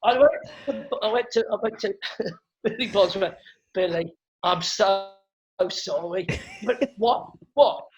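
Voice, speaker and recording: A middle-aged man, a comedian, telling stories in a casual interview, animated and quick to repeat words and act out what others said. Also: high voice. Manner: animated storyteller who acts out quotes and repeats words. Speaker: comedian guest. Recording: dull lo-fi sound.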